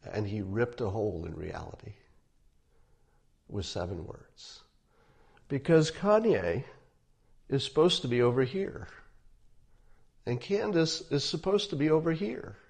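A man commentating to an online audience, stressing his points and swinging between loud and quiet. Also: mid-range voice, sing-song, a little slow, vocal fry, pauses often.

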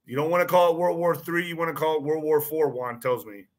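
Talking fast with fairly even intonation, this man's voice sits a little high. As host of his online show, he rambles through a casual monologue, repeating himself, restarting, using fillers and turning points into pointed questions.

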